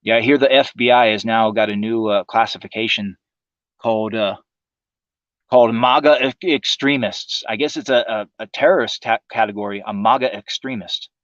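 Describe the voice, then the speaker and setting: A man's voice: on the low side, normal speed, fairly bright tone, no room sound, lo-fi sound. A man hosting a livestream, delivering a profane, sarcastic political monologue in a casual ranting manner. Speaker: livestream host.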